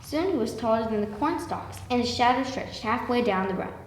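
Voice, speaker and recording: A woman reading a children's picture book aloud in a lively way, slowing down for emphasis. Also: fairly high pitch, a little hiss or hum. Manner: lively, with slowed emphatic passages. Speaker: storyteller. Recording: echoey room with long reverb.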